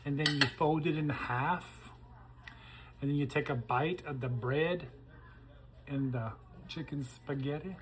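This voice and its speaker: Guy chatting through a home cooking demo, kinda high voice, folksy and easygoing. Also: a little slow, long pauses, background noise. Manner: chatty and folksy, talks to viewers while tasting. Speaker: cooking show host. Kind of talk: casual cooking demonstration to camera.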